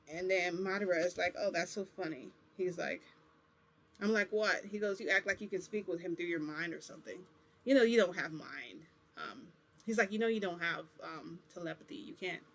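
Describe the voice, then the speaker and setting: A man's voice: high voice, pushed and bright. A man vlogging, telling a long rambling story in casual talk, acting out the back-and-forth with "I'm like" and "he goes". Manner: rambling, quotes dialogue with "I'm like".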